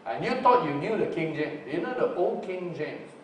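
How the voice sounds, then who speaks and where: A man's voice: fairly high pitch, animated. Man teaching from far off in an echoey hall. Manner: explains Greek word roots slowly with many fillers. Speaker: preacher. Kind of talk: Bible teaching sermon. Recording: roomy distant recording with faint hiss.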